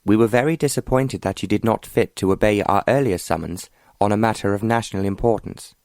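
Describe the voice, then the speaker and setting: An imperious queen, read by a man, speaks in a cold, formal way. The voice stays low and the read is dry. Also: brisk, a little mellow, no echo, close to an everyday voice. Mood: cold, regal.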